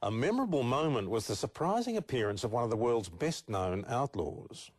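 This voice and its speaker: Brief: male narrator, measured scripted delivery, animated intonation. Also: medium pitch. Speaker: documentary narrator.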